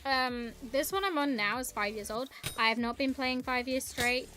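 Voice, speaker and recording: A woman's voice: high voice, normal speed, pushed and bright, soft background music. A young woman streaming a game, chatting in a rambling, casual way and greeting her viewers. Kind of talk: casual live-stream chat while gaming.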